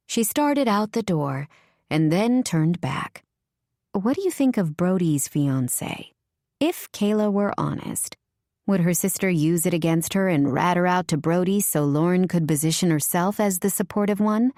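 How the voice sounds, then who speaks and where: Woman with a low, dry reading voice. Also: expressive, normal speed, a little mellow, no echo. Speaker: audiobook narrator. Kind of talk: scripted narration.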